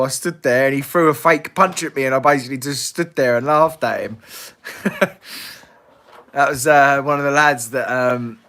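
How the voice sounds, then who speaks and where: A man's voice: medium pitch, sharp tone. A man hosting a casual live Q&A, blunt and swearing freely, laughing often. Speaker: livestream host.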